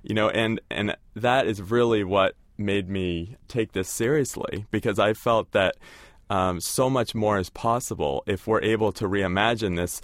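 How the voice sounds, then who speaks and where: Deep-voiced thoughtful male co-author. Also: a little slow, dry recording, studio quality. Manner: thoughtful, hedging with fillers. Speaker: co-author guest. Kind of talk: reading aloud, then interview answers.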